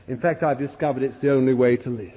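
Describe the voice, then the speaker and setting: A male preacher delivering a sermon as a dramatic storyteller, swinging from loud to hushed. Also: medium pitch, steady tone, quick pace, breathy edge. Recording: dull, echoey old hall recording.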